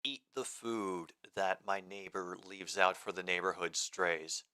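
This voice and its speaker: A man's voice: low-pitched, measured pace, bright, forceful tone, clear, resonant tone. A man hosting a casual live sports stream, rambling between game commentary and replies to chat comments.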